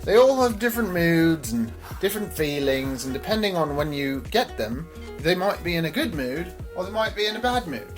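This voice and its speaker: A woman's voice: on the low side, sing-song, moderate pace, soft background music, low-quality recording. A woman talking casually to camera in a playful, chatty way, sweet-talking her animals while vlogging in a snake room at home. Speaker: reptile keeper vlogger. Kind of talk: casual vlog talk to camera.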